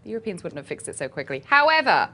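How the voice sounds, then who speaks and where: A woman's voice: mid-range voice, big pitch swings, fast talker, bright, forceful tone. A woman with a British accent, a regular expert guest on a studio talk show, chatting with a dry, teasing wit. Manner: dry, teasing, wry humor. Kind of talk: playful studio chat. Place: TV studio set.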